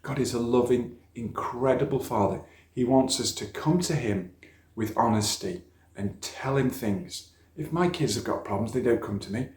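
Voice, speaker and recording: A man's voice: medium pitch, normal speed, a little mellow. Man telling a children's sermon. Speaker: speaker at a church youth talk. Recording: echoey church room.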